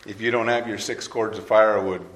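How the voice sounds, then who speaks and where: A man's voice: on the low side, fairly even intonation, brisk, a bit bright. A man preaching a sermon to a live audience in a conversational way, asking them questions. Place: hall with an audience. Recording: roomy hall, faint noise.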